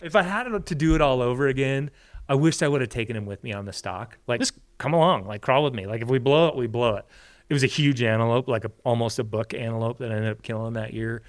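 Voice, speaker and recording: A man, a podcast guest, telling a story in a casual, animated way and acting out the quoted lines. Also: quick pace. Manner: animated storyteller, acts out quotes with big pitch jumps.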